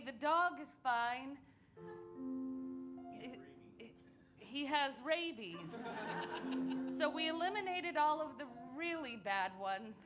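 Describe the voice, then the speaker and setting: Woman, improv performer, mock-romantic, deadpan, high, slow, music behind. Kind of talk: improvised comic love letter.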